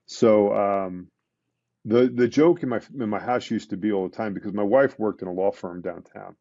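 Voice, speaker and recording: Deep dark-voiced man telling his story. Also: vocal fry, dry recording, dull audio. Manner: emotional, halting retelling with many restarts and fillers. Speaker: podcast guest, retired police detective. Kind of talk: casual storytelling interview.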